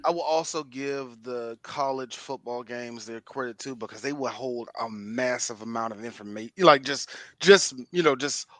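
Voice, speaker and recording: A man's voice: mid-range voice, moderate pace, hardly any pauses, fairly bright tone, dry recording. A man co-hosting a podcast in casual chat, joking and breaking into impressions and laughter. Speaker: podcast co-host.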